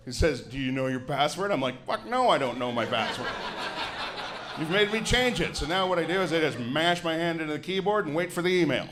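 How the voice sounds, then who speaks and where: Grouchy forties guy doing stand-up, kinda high voice, noisy live club recording. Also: lively intonation, fast, hardly any pauses. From Canada. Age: 40s. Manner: grouchy, sardonic, profane. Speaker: stand-up comedian. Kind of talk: stand-up comedy set. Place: comedy club stage with a laughing audience.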